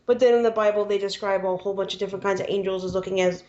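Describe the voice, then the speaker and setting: A woman co-hosting a podcast, chatting casually and critiquing a film with animated asides. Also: mid-range voice, rapid-fire, hardly any pauses. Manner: animated, critical, does quoted voices. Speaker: podcast co-host. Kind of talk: casual chat. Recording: lo-fi podcast recording.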